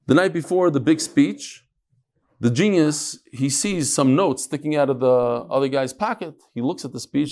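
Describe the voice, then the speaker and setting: A man teaching a text class who reads passages aloud, then explains them in relaxed talk and tells stories. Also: on the high side, normal speed. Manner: storytelling, acts out quoted voices. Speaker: Talmud teacher. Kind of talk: Talmud class lecture.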